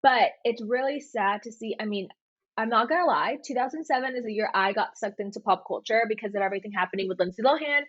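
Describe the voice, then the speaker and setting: A young woman talks through a story in a casual podcast chat, scattering "like" through every sentence. Her voice sits a bit high and sounds husky, and the recording is dull and dry. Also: fast, no room sound. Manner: animated storytelling with many "like" fillers. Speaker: podcast co-host.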